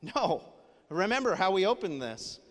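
A man's voice: sits high, sing-song, normal speed, fairly bright tone. A male pastor preaching a sermon in an earnest, conversational way, with casual fillers. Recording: long hall reverb.

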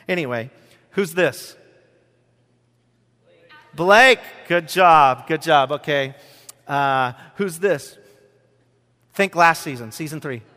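A man's voice: a little high, animated, slow pace, long pauses, bright, forceful tone. A man preaching a sermon as pastor, talking conversationally and joking with his congregation in a church hall. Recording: long church-hall reverb.

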